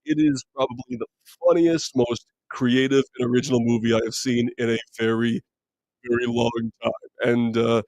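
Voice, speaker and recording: Deep-voiced man hosting a live stream. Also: normal speed, no echo, poor audio. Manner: relaxed, rambling, many fillers and restarts. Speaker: host of a live movie chat stream. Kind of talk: casual live-stream chat, reading viewer comments. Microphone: streaming mic.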